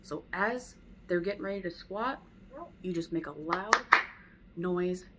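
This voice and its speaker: Low-voiced woman dog trainer at home. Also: a little slow, very noisy. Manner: conversational, acts out dog and owner voices. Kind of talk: casual spoken lesson.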